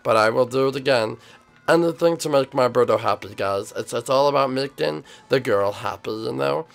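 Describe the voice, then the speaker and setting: A man's voice: mid-range voice, moderate pace, gravelly, faint music behind. A young man hosting a game role-play video, chatting casually and rambling with lots of fillers. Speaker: host.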